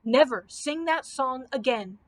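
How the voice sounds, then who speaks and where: A woman's voice: high-pitched, lively intonation, unhurried. A woman voicing a proud, gallant male knight who speaks in archaic, stately phrases in a storybook reading. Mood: stern.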